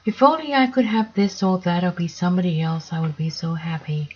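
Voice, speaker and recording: A woman's voice: lowish voice, a little fast, darkish tone, breathy edge, muffled recording. A woman voicing a vain male lion king who is never satisfied, wistful and pleading.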